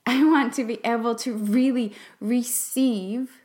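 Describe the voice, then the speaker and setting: A young adult woman talks slowly through a reflective podcast monologue in a fairly high voice. She speaks earnestly and haltingly, with emotion close to the surface, and now and then sinks into a whisper to stress a point. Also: fairly even intonation, darkish tone. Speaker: podcast host and class facilitator.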